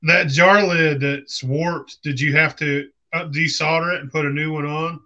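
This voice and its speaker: Bright-voiced casual man. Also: a little high, steady tone, normal speed. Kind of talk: casual chat. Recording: dull lo-fi podcast audio.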